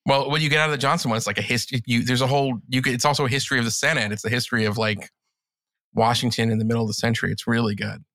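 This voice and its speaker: Guy on a podcast, bright voice, talks fast and loose, super dry mic. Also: medium pitch, steady tone, no room sound. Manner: chatty, enthusiastic, many "like" fillers. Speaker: guest, columnist. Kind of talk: casual podcast conversation.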